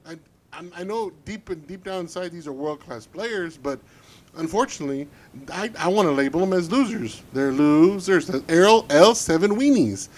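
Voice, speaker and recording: A man's voice: high-pitched, animated, moderate pace. A man co-hosting a casual football podcast, ranting bluntly and swearing freely about his team. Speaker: podcast co-host.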